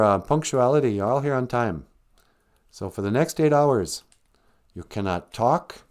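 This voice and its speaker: A man doing a bullying school principal who taunts and threatens students in a sarcastic, raised voice. The voice sits above the speaker's usual pitch, with a warm, mellow tone. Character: stern bullying male high school principal.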